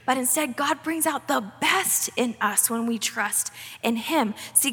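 A young woman talks through a devotional in an earnest, chatty way, stumbling and restarting now and then. Her voice is high, bright and a little breathy. A long reverb trails behind her words. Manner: earnest, conversational, with frequent restarts and "like". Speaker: speaker giving a devotional talk. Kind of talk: sermon-style devotional talk.

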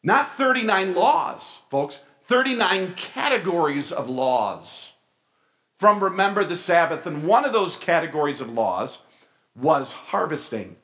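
A male pastor preaching a sermon in a church, animated and asking his congregation questions. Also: high-pitched, measured pace. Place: church sanctuary.

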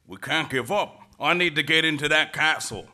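A man playing an earnest young hero seeking revenge in improv comedy, stammering and deadpan. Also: fairly high pitch, moderate pace.

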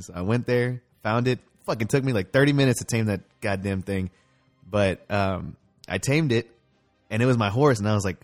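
Animated, swearing man telling stories. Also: lowish voice, fairly quick, faint music behind. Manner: animated storytelling, heavy swearing. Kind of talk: casual chat.

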